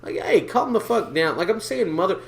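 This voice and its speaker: A man co-hosts a podcast in a high-sitting, gravelly voice at a moderate pace. He chats casually and animatedly, swearing a lot and acting out the people he quotes.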